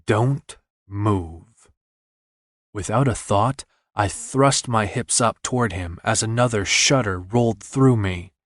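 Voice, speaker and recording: A man's voice: fairly low pitch, a little slow, few pauses, no echo, studio quality. A man reading a romance novel aloud in first person, intimate and earnest. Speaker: audiobook narrator.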